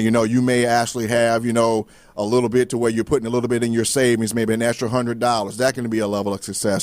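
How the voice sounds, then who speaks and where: A man's voice: mid-range voice, darkish tone, dry recording. A man hosting a faith-based motivational talk show, speaking casually with folksy asides and frequent restarts. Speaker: host.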